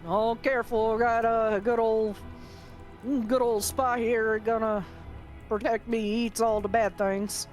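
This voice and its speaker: A woman's voice: a little high, flat delivery, a little slow, a little mellow, faint music behind. A woman running a tabletop game, narrating and chatting casually, laughing often and swearing freely. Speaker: game master.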